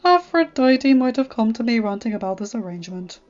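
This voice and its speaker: A pompous, grand male king of the gods, voiced by a woman reading fan fiction aloud. He sounds lofty and sure of himself. The voice sits fairly high, and the recording is dull and lo-fi with faint music behind. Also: lively intonation, brisk, darkish tone, lightly acted.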